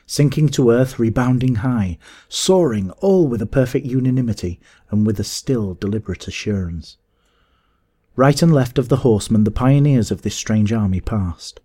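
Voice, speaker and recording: Deep-voiced man reading a classic tale. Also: warm tone. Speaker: narrator. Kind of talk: audiobook reading of classic fiction.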